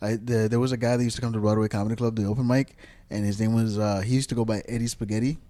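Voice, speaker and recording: A man's voice: lowish voice, level tone, very fast, warm tone. A male podcast co-host, talking loosely with many fillers and restarts. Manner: rambling, lots of "like" and restarts. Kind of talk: casual podcast chat.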